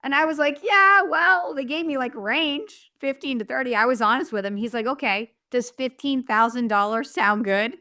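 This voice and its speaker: A woman's voice: fairly high pitch, moderate pace, few pauses, pushed and bright. A middle-aged woman from New England telling a story casually and animatedly, acting out the people she quotes and using many fillers. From southern New Hampshire. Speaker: manifestation coach.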